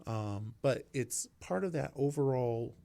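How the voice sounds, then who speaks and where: Male co-host, warm mellow tone, hesitant and halting, easygoing local talk. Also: medium pitch, lively intonation, gravelly. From Vermont. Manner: halting, restarts, frequent fillers. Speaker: local podcast co-host, city councilor. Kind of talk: casual local politics chat.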